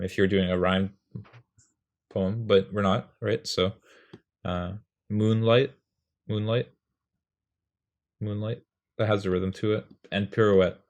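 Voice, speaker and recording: His voice is low-pitched, creaky and a little mellow. As a poetry tutorial host, this young man rambles casually and pokes fun at himself while explaining poem writing, voicing the rhythms out loud.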